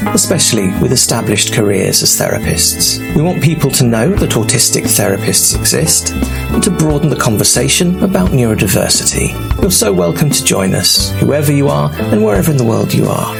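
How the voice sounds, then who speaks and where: A middle-aged man, hoarse from covid, co-hosting a casual podcast chat with a husky voice and halting, restarting speech. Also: medium pitch, big pitch swings, over music. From London-based. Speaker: podcast co-host.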